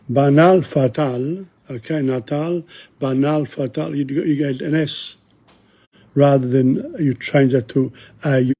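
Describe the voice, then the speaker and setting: Older male teacher, gravelly, husky, a little high-pitched, repeats words for practice, opinionated asides. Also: a little mellow. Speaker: language teacher. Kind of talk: informal video lesson. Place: bookshop.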